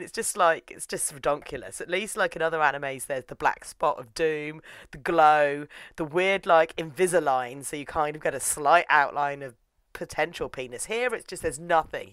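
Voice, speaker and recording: A young woman talks through an anime in a casual, wry way. Her voice sits low for a woman, and the recording is dry and close. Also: moderate pace, dry recording. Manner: chatty, wry and animated, acting out characters. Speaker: anime reviewer. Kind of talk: casual comedic review.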